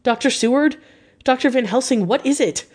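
A woman's voice: medium pitch, moderate pace, a little mellow, natural voice. A woman reader voicing a panicked young husband who cries out in pleading, breathless bursts. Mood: frantic.

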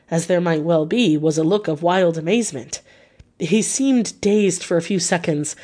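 Audiobook narrator, woman, somewhat low voice, measured dramatic reading. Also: darkish tone, husky.

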